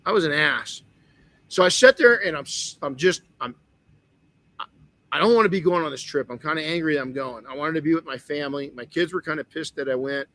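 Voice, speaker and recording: A man's voice: a little high, fast talker, fairly bright tone, no room sound. A man hosting a motivational podcast, telling a personal story candidly with frequent restarts. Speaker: podcast host.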